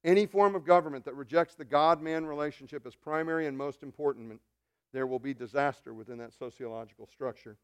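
A man preaching from the pulpit with a somewhat high voice. He swings between soft, near-whispered lines and loud, fervent calls, and breaks off now and then into joking asides to the congregation. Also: a little fast, clean tone. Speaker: pastor. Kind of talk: sermon.

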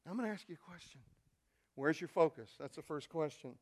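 A male pastor preaching a sermon, telling a story and swinging from quiet, intimate asides to loud, shouted peaks. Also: fairly high pitch, brisk.

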